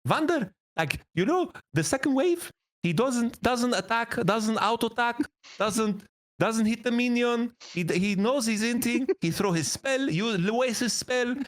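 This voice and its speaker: A man's voice: extremely high pitch, lively intonation, voice pushed up. A man doing an impression of a male pro gamer with a Greek accent who rants and complains without stopping. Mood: aggrieved ranting. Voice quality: rapid complaining, repetitive. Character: ranting male esports pro, grumbling.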